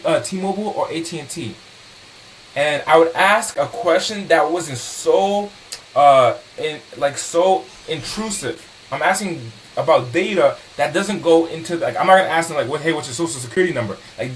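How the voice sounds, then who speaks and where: A man giving a lively storytelling talk to an audience, acting out sales conversations with customers. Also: a little high, far from the mic, slight background noise, poor audio. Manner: animated, acts out customer dialogue. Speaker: motivational speaker.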